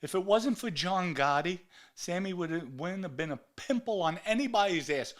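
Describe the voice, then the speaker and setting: A man's voice: sits high, animated, moderate pace. A middle-aged man, delivering a heated, ranting monologue and hammering his insults with repetition. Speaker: podcast host. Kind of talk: angry monologue to camera.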